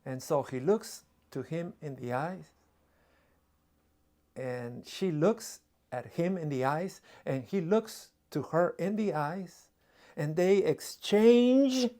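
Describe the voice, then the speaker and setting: A man preaching a sermon, telling a story dramatically, with repetition and pauses. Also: on the high side, animated, a little mellow.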